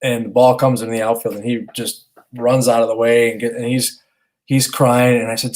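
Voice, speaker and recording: A man in his thirties co-hosting a casual podcast, telling a long story in a middle-pitched voice. He rambles earnestly, stopping and restarting his sentences as he goes. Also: level tone, normal speed, a little mellow. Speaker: podcast co-host, father.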